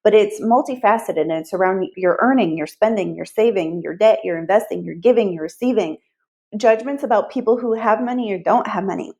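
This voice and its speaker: A woman money mindset coach speaks as a podcast guest, explaining her ideas earnestly. Her pitch sits in a middle range, and she often pads her sentences with "like". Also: brisk, darkish tone. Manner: earnest explaining, many "like" fillers.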